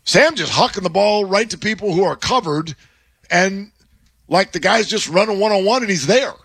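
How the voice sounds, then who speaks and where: Lively male sports radio host. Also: high voice, husky, no echo. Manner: animated, analytical, quick back-and-forth. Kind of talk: sports talk radio chat. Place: radio studio.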